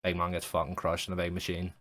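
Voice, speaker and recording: A man's voice: low voice, fairly bright tone, dry recording. A young man improvising a comic story as a streamer, rambling and swearing, with many restarts.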